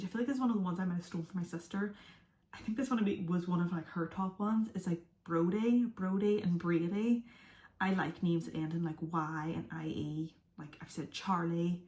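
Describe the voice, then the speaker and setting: A woman's voice: lowish voice, a little mellow. A young woman vlogging to camera in a rambling, chatty way, now and then dropping into a whisper. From from outside the USA. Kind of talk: casual chat to camera. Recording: echoey room.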